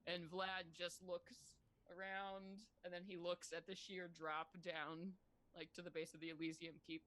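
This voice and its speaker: A woman narrating a tabletop role-playing game as game master, describing scenes in a relaxed way. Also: on the low side, unhurried.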